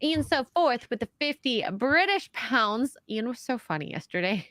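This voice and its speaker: A woman's voice: on the high side, big pitch swings, normal speed, a bit bright, no echo, clean studio sound. A woman co-hosting a podcast, chatting casually, reading out donation messages and laughing easily. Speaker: podcast co-host.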